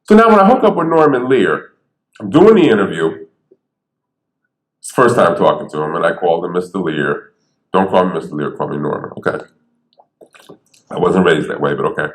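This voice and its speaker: A low-pitched man from Bridgeport, Connecticut tells stories on a theater stage, speaking fairly quickly with long pauses and a stutter. He's animated and conversational, acting out quotes in this storytelling talk, and the theater recording is echoey.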